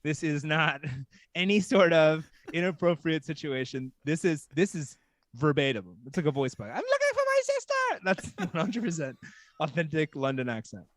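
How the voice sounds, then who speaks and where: Podcast guest, man from Texas, higher voice, chatty and laughing through his story. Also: normal speed, dry recording. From Texas, USA. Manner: animated, lots of "like", laughing while he talks. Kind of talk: casual comic storytelling.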